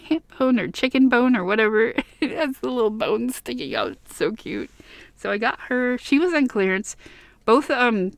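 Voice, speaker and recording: Woman vlogger, casual gushing chat, mid pitch, slightly worn voice, dry room. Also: no room sound. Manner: gushing, chatty, giggly asides. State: voice getting worn. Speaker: vlogger showing a plush haul.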